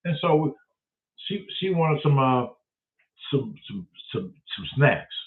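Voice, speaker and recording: A man's voice: mid-range voice, slow. A man from telling a comic story, cursing freely and acting out the other people's voices. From Detroit, USA. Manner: profane, animated, acts out voices of others. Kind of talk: comedic storytelling. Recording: tinny phone-like sound from a distance.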